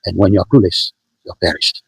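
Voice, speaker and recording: Husky guy preaching, repeats himself a lot, throws out questions, dry close sound. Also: deep voice, a little fast, dry recording, rough recording. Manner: emphatic, repetitive, rhetorical questions. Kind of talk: sermon.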